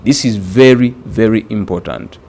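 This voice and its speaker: Deliberate man teaching a grammar lesson. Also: fairly low pitch, a little mellow. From Uganda. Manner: deliberate, repeats words for emphasis, addresses "dear candidates". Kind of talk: recorded exam-prep grammar lesson.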